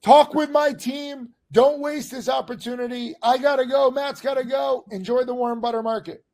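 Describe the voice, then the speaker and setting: Hoarse, excitable high-voiced man. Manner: excitable, fast, emphatic. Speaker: host. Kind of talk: casual promotional talk.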